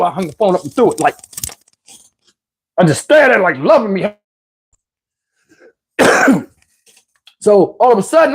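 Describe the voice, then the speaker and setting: Animated, slangy storyteller man. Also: high voice, a little slow, long pauses, husky. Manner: animated, slangy, loose, with frequent restarts and asides to viewers. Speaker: vlogger telling a personal story. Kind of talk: casual comic storytelling.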